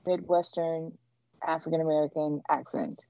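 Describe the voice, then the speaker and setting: A woman's voice: deep voice, flat delivery, moderate pace, vocal fry, no room sound. A woman co-hosting a casual TV recap podcast, who rambles with many fillers and restarts. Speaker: podcast co-host. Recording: dull lo-fi podcast audio.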